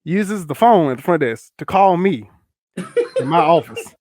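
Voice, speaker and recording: A young man co-hosting a podcast, telling a profane work story in a casual, animated way and acting out both sides of the conversation. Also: fairly high pitch, unhurried. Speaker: podcast co-host.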